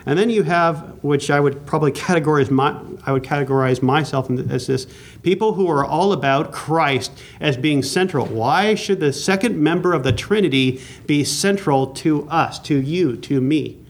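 Earnest man teaching a Bible lesson. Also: a little high. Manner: earnest, emphatic, slows down to stress key words. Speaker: pastor teaching a class. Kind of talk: sermon-style Bible teaching.

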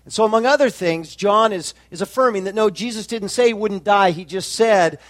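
A pastor preaching a sermon with emphatic, rising climaxes and slow drawn-out phrases. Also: male voice, sits high, dry recording.

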